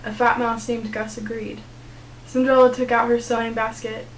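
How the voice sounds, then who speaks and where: A teenage young woman reads a children's storybook aloud in a steady, clear narrating voice. Her pitch sits a little high, and a faint hum of noise lies under the recording. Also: normal speed, low-quality recording. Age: teens. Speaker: student reader.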